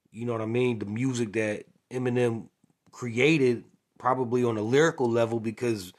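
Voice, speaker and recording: A man speaks in a relaxed, conversational monologue with a slightly husky voice at a middle pitch. He retells past conversations by acting out each side, and he keeps checking in with "you know what I mean". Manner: chatty, keeps adding "you know what I'm saying". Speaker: former music manager. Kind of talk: casual storytelling monologue.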